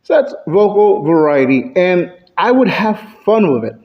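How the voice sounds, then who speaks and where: A man delivering a prepared club speech, playing with his pitch and loudness for effect. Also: big pitch swings, moderate pace, dull audio. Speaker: Toastmasters club speaker. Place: club meeting room.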